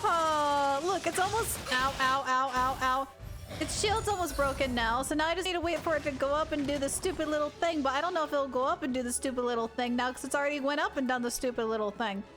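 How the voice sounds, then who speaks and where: A woman's voice: high voice, quick pace, few pauses, over music. A woman streaming a game live, chatting to viewers, exasperated and self-mocking, laughing often.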